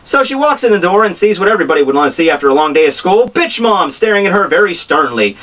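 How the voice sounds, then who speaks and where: A young man rambling excitably as he reviews a manga chapter, full of restarts and asides. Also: high voice, fast talker, recorded from a distance, low-quality recording. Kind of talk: casual chapter review vlog.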